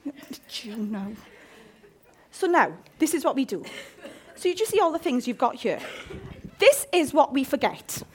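A woman's voice: high-pitched, sing-song, a little slow, long pauses. A woman in her fifties preaching a sermon, impassioned and jokey.

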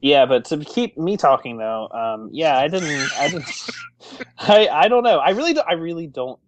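A man's voice: fairly high pitch, big pitch swings, moderate pace, noisy background. A man co-hosting a movie podcast in casual chat, rambling with lots of fillers. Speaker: podcast co-host.

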